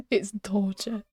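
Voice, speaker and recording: A young woman talks through a game on a live stream from a small room at home, chatty and quick to giggle. She often drops into a hushed whisper. Her pitch sits mid-range, and the close mic sounds dry with no room echo. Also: husky. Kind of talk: casual live-stream chat.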